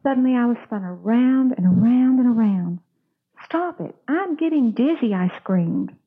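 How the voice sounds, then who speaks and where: A woman's voice: a little high, normal speed. A suffering talking teacup, once lumps of clay, pleads through its story as a woman tells it. The voice comes over a tinny, phone-like line. It is a simple storybook figure inside a sermon. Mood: pleading.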